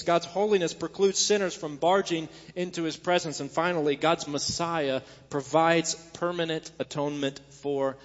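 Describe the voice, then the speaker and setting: A man's voice: high voice, in a large hall, highs cut off. A male pastor preaching a sermon, earnest and rising to emphatic peaks.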